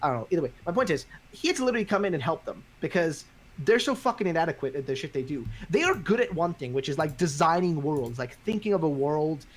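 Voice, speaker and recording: Male podcast host: rapid, ranting, foul-mouthed, pitched a bit high. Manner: profane, ranting, animated. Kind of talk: casual chat.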